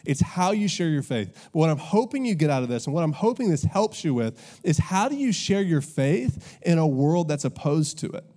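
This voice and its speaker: A man's voice: fairly high pitch, big pitch swings, moderate pace, few pauses, warm tone. A man preaching a sermon as pastor, telling stories with casual asides to the congregation. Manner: conversational storytelling, audience asides.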